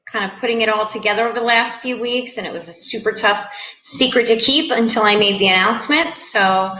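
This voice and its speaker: A middle-aged woman from the Chicago area, hosting a live stream and greeting viewers in a bubbly, excitable, chatty way. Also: a little high, a little fast, a little hiss or hum. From Chicago area, USA. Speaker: livestream host. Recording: echoey room.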